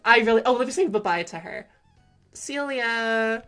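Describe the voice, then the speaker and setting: A woman's voice: a little high, sing-song, moderate pace, a bit bright, faint music behind. A young woman from California with a Valley Girl accent, chatting casually on a live gameplay stream, rambling with lots of fillers, giggles and self-corrections.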